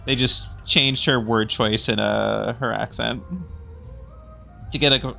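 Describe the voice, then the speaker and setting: A chatty male streamer with a bright, forward voice, talking casually as he plays. He laughs often and swears freely, with faint game music in the background. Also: mid-range voice, steady tone, slow pace, vocal fry. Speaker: streamer playing a video game. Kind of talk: casual livestream chat.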